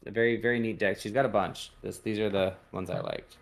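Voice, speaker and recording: A man hosting a podcast, casually showing tarot decks in a rambling, hesitant way with many pauses and fillers. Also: fairly low pitch, fairly even intonation, gravelly. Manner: rambling, hesitant, lots of ums. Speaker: podcast host reading tarot. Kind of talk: casual chat.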